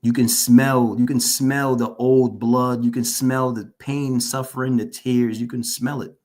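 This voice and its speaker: A man's voice: medium pitch, level tone, measured pace, a little mellow. Earnest man giving shaken testimony. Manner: earnest, repeats phrases for emphasis; openly shaken while recounting. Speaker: guest, formerly incarcerated. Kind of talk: personal testimony in an interview.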